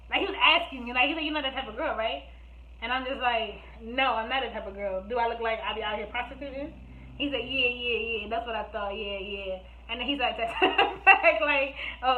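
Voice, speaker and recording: A young woman telling a storytime vlog, animated, laughing often and acting out what others said. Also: on the high side. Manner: animated, laughing, acts out quotes. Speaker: vlogger. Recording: echoey room, phone-like sound.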